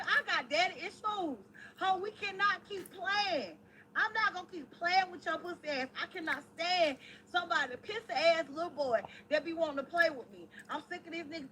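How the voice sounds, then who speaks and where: A woman ranting loudly and profanely to her camera. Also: very high voice, a little hiss or hum, rough recording. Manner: brash, loud and profane. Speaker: online creator.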